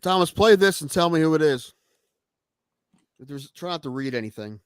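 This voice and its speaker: A man's voice: fairly high pitch, expressive, moderate pace, smooth, dry recording, studio quality. Laid-back man chatting on a podcast. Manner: laid-back, conversational, mild swearing. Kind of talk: casual chat.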